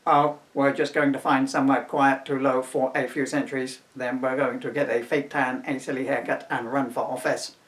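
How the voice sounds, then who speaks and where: A man's voice: mid-range voice, little pitch movement, normal speed, few pauses, a bit bright, lightly acted. A man voicing a silly green alien man from a seaside town, in a put-on voice. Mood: deadpan boastful.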